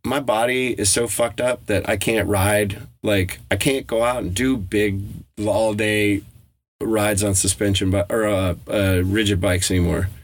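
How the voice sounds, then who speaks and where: A man's voice: fairly low pitch, fairly even intonation, measured pace. A middle-aged man co-hosting a podcast in casual chat, blunt and profane, laughing often. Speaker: podcast co-host.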